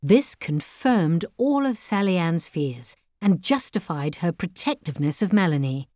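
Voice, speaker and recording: A woman telling a story, calm and expressive. Her voice sits low but moves through a wide range of pitch, recorded dry and close with no room sound. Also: unhurried, dry recording. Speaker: narrator. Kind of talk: storytelling narration.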